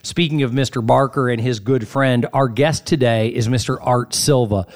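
A man's voice: medium pitch, fairly even intonation, normal speed. A man hosting a radio talk show, introducing and interviewing a guest in a polished way.

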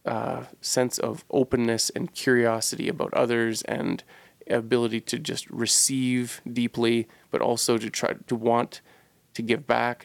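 A man recounts a personal story in a relaxed, earnest way, pausing to search for the right words. His mid-range voice carries a gravelly fry. The sound is dry and close, with no room echo. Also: medium pitch. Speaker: podcast co-host telling a personal story. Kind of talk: casual storytelling.

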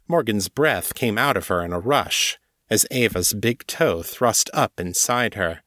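A man narrating a story in a steady, measured audiobook-style reading. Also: on the low side, no echo, studio quality. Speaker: narrator and author.

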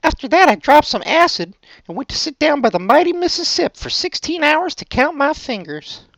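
A shrill, unhinged impression voice. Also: male voice, sing-song, a little fast, gravelly, a bit bright, dry recording, heavily acted. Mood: manic. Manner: high strained put-on impression voice. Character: shrill unhinged man reading letter. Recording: dull lo-fi sound.

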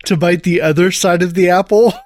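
A man's voice: high-pitched, steady tone, a little fast, a little mellow, dry recording, studio quality. A man hosting a podcast in casual chat, playful and chuckling between lines. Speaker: podcast host.

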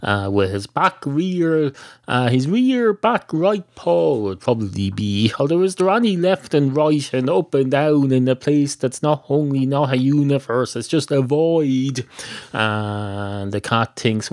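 A man's voice: mid-range voice, expressive, a little slow, darkish tone, no echo, clean studio sound. An Irish man hosting a solo comedy podcast, rambling and self-deprecating. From Ireland. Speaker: podcast host.

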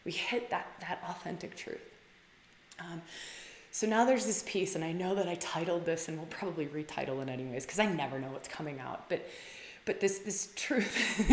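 A woman hosts a casual live stream and talks straight to viewers, gushing and emphatic. She leans on "like" and swears freely, and her voice jumps up whenever she gets excited. The sound is roomy, with a lot of echo around her. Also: low voice, normal speed. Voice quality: heavy use of "like" and restarts, swears freely. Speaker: livestream host coaching women. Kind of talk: casual live-stream talk, reading out comments.

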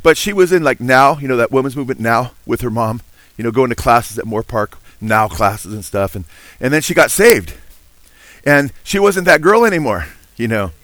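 A middle-aged man delivering a sermon in an earnest, building preaching style, dropping in "amen" between points. His voice sits at an ordinary pitch for a man. The sound is dry and close, with no room echo. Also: lively intonation, normal speed, a bit bright. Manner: earnest preaching with frequent "amen" and rising emphasis. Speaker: pastor.

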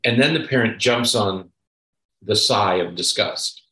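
A man with a lowish, pushed, bright voice talks unhurriedly as co-host of a parenting podcast. He's a psychologist sharing casual advice, emphatically tacking on "okay?" to press his points, and the recording is rough with a roomy sound.

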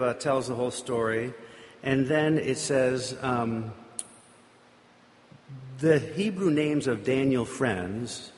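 Man preaching in an echoing hall. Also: medium pitch. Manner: conversational, rambling with fillers and asides. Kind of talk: informal sermon storytelling. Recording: reverberant hall.

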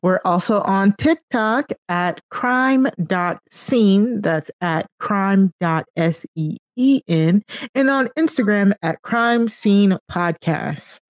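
A woman co-hosting a podcast runs through her plugs in a relaxed, run-on flow. Her voice sits at a middle pitch. The recording is dry and close, with no room around it. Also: no echo. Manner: easygoing, quick run-on plugs. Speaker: podcast co-host. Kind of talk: casual podcast chat, plugging socials.

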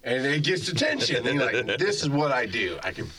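Animated, swearing man telling stories. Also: mid-range voice, fairly quick, crowd noise. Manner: animated, profane storytelling. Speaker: podcast guest. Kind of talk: casual chat.

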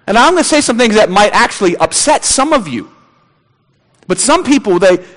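A man preaching a sermon as a pastor, animated and mocking babbling prayers as he goes. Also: sits high, in a large hall.

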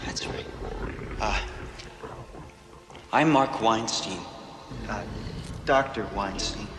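A man's voice: lowish voice, slow pace, background noise. A man playing a nervous NASA scientist who earnestly pleads to talk with aliens, in a movie clip. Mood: coaxing. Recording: movie clip, echoey, with score.

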